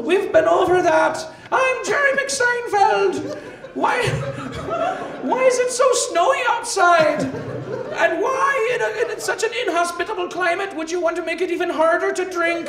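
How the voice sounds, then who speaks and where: A man putting on a high, loud fake Irish accent as a puzzled, rambling Irish comedian, shouting on a live stage. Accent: put-on Irish. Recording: roomy live stage from far off, crowd.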